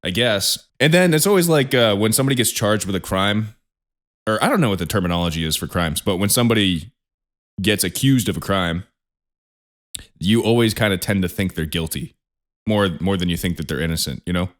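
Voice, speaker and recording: A young man co-hosts a podcast in an easygoing, chuckling way. His voice sits fairly low, and he talks loosely, like he's chatting with a friend. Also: lively intonation, fairly bright tone. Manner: laid-back, chuckling, quick rattled intro. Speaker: podcast co-host. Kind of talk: casual chat.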